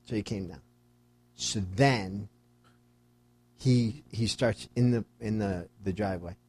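A man's voice: on the low side, slow pace, a little mellow, husky. A man in casual chat, animatedly retelling a haggle and quoting both sides. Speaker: storyteller.

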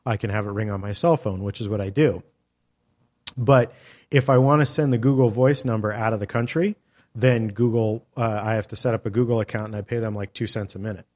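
A middle-aged man with a lowish voice, hosting a casual podcast chat. He rambles through a story with plenty of "uh" and "um" and swears offhandedly. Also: steady tone, a little fast, a little mellow. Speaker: podcast host.

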